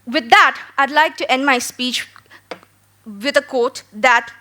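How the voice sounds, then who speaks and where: High, bright-voiced young woman debating. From India. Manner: emphatic, rhetorical, with dramatic pauses and questions. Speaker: school debater. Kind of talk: competitive debate speech.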